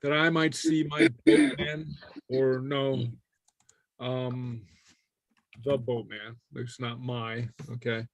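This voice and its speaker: A man teaching an online Gaelic class in a relaxed way, with many fillers and chuckles as he talks. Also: mid-range voice, slow.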